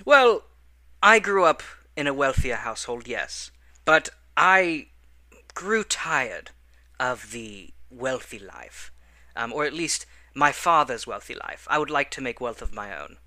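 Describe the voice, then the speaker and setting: Bright, formal man playing a genteel bard. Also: medium pitch, expressive, unhurried, dry recording. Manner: formal, polite, slightly grandiose. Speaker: player.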